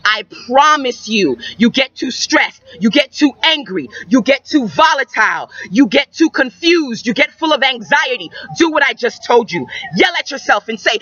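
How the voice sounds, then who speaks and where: High, bright-voiced woman giving spiritual advice. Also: expressive, moderate pace, few pauses, breathy edge. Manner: emphatic, repetitive, preacherly. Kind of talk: metaphysical advice talk. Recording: dull lo-fi recording.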